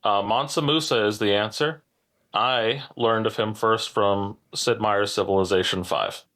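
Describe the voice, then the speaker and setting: A man hosting a pub-style trivia podcast, reading questions in a measured, deliberate way with dry asides. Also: on the low side, a bit bright. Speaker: trivia quiz host.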